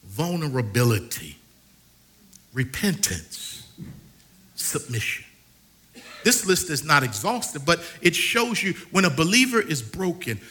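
A middle-aged pastor preaching a sermon, swinging between loud calls and hushed, drawn-out lists. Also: male voice, high voice.

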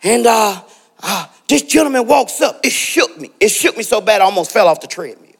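A middle-aged man preaching with a strikingly high, lively voice that swings widely in pitch. He tells personal stories, calls out members of the congregation by name, and climbs into shouted exhortations. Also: brisk, vocal fry, breathy edge. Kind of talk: sermon with personal storytelling.

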